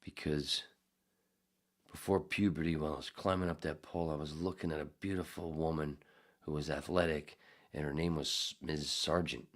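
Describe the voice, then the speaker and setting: A man's voice: a bass voice, steady tone, moderate pace. A man hosting a casual podcast, reading out chat comments and rambling through crude, profane jokes. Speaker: podcast host.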